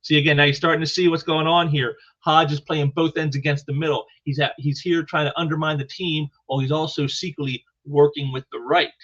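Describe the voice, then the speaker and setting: Male comic reviewer, higher voice, rambling delivery with many restarts, dull lo-fi sound. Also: little pitch movement, fairly quick, hardly any pauses, fairly bright tone. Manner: rambling, heavy with "you know" fillers and restarts. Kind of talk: casual solo commentary. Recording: muffled lo-fi recording.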